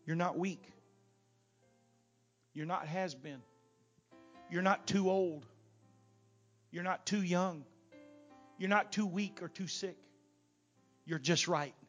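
Guy preaching in church, kinda high voice, soft guitar under it, gets loud then drops way down. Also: slow, pauses often. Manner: swings between loud shouting peaks and low, quiet asides. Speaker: guest preacher. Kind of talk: Pentecostal sermon. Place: church sanctuary.

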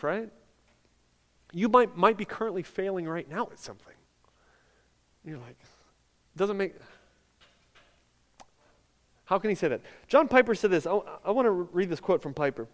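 A man preaching a sermon as pastor, talking conversationally with lots of "like" and building to emphatic peaks. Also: high voice. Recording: long hall reverb.

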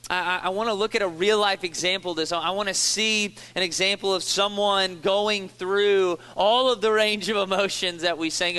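A man's voice: high-pitched, bright, forceful tone, clear, resonant tone. A male pastor preaching a sermon in a church, talking casually and stumbling over repeated words, then pleading with rising intensity as he paraphrases a psalm. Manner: conversational, repeats words, rises to impassioned pleading when voicing the psalm.

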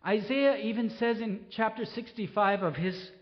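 Impassioned middle-aged preacher, slightly high voice. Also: male voice, normal speed, highs cut off. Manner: impassioned, pleading, then soft and reflective. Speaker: pastor. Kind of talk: sermon.

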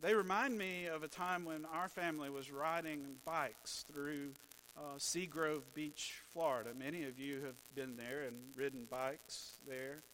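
A man preaching a sermon as pastor, telling stories in a slow, measured way with dry humor. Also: a little high, steady tone, fairly bright tone, slight background noise, poor audio.

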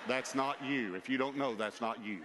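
A man's voice: medium pitch, normal speed, noisy background. Preacher man telling a story in a reverberant hall. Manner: lively, emphatic storytelling with asides to the audience. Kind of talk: storytelling sermon. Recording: long reverb of a large hall.

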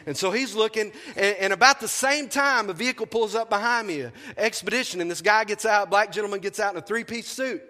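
A man delivers a storytelling sermon as a pastor, playing out the dialogue with lively energy. His voice is high and bright. The sound carries a long reverb from a church sanctuary. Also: brisk, hardly any pauses. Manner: animated storyteller acting out dialogue.

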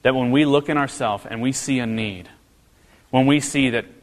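Man preaching in a reverberant hall. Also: moderate pace. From American Midwest. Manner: earnest, storytelling with humor, pitch rising when animated. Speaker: pastor. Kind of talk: sermon.

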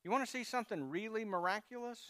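A man preaching a sermon with a high, smooth, resonant voice. He talks in a conversational way, with asides and prompts to the congregation. The sound is dry and close. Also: quick pace, a bit bright, no echo. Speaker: pastor.

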